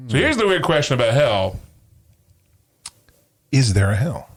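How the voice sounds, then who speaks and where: A man hosting a casual podcast, an animated storyteller who acts out voices in his jokes. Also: medium pitch, measured pace. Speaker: podcast host. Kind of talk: casual chat.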